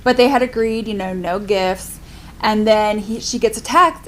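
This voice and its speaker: A woman's voice: on the high side, normal speed, a bit bright, a little hiss or hum. A young adult woman chatting casually in a book review vlog, filling her talk with "like". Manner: chatty, lots of "like" fillers. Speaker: book vlogger.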